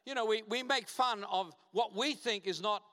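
A man's voice: high voice, normal speed, a bit bright. A man preaching a sermon as a guest pastor, emphatic and fond of short repeated punchy phrases. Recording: reverberant church hall.

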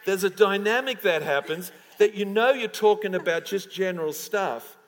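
A man's voice: high voice, moderate pace. A man preaching a sermon as pastor, chatty and laughing at first, then prayerful. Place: church auditorium. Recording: church hall reverb.

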